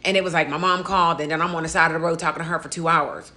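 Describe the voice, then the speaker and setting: A woman's voice: low-pitched, fairly even intonation, rapid-fire, sharp tone. A woman who is an insurance agent and host, talking candidly in a casual interview and telling stories with quoted asides.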